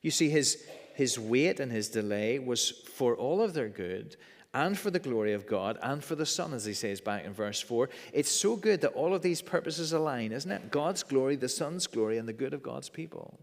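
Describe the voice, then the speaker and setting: A man's voice: mid-range voice, animated, moderate pace. A man preaching a sermon in an earnest way, often repeating words as he stresses his points. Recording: long reverb of a church hall.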